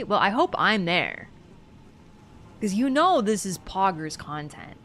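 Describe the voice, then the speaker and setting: A woman's voice: medium pitch, fairly bright tone, a little hiss or hum. A woman streaming a game, chatting casually with her viewers and laughing often. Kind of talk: casual live-stream chat.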